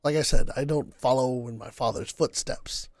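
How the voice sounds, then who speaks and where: A man voicing a carefree young male noble in a tabletop game, speaking hesitantly with halting starts. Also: medium pitch, steady tone, darkish tone, no echo, clean studio sound, close to an everyday voice.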